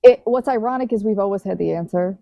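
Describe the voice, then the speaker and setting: A woman's voice: mid-range voice, quick pace, gravelly, no echo, muffled recording. A woman who works as a diabetes health coach, speaking as a guest on a podcast in emphatic, casual conversation and often restarting words.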